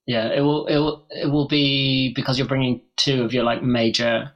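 A man's voice: mid-range voice, little pitch movement, normal speed, highs cut off. A man hosting a casual chat, answering with short, laid-back agreement.

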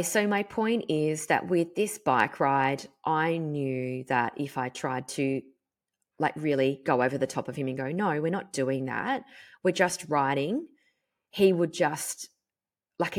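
A woman in her thirties with a notably low-pitched voice. She talks frankly and animatedly, dropping the odd swear word and filler as she hosts her podcast. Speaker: podcast host. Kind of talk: candid personal monologue.

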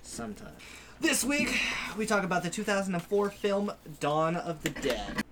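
A man's voice: high voice, sing-song, moderate pace, noisy background. A man hosting a casual horror movie podcast, joking loosely with friends and reading from his phone. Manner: loose, jokey, reads from phone. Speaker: podcast host. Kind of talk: casual group banter.

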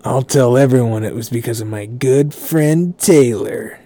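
Creepy calm guy, polite but menacing, flat deadpan, a man putting him on. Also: mid-range voice, measured pace, no room sound, natural voice. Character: creepy calm man asking about arson.

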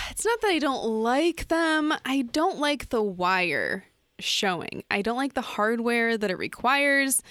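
A woman's voice: a little high, very animated, slow, a bit bright, no echo, studio quality. A woman co-hosting a casual home-design chat, agreeable and matter-of-fact. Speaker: podcast co-host.

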